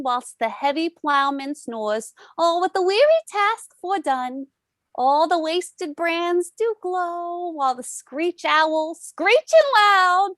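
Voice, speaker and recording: A woman voicing the mischievous fairy Puck in an amateur online play reading, speaking verse slowly and deliberately with lively rises. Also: high-pitched, no echo, exaggerated voice.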